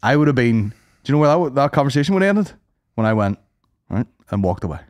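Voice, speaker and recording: A man's voice: medium pitch, very animated, fast talker, a little mellow, no room sound. A Northern Irish man co-hosting a podcast, making short dry remarks. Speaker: podcast co-host. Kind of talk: casual chat.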